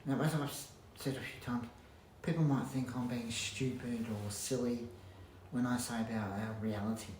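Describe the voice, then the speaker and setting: Man, casual vlog rant, halting and sweary, echoey home recording. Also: medium pitch, fairly even intonation, a little mellow. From Australia. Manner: rambling, halting restarts, blunt swearing. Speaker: vlogger. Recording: roomy echo, faint background hum.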